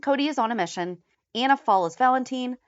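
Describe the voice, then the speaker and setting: A woman's voice: a little high, expressive, fast talker, dry recording, muffled recording. A woman co-hosting a fan podcast, chatting casually and reading through a list of episode headlines. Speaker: podcast co-host. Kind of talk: casual recap chat.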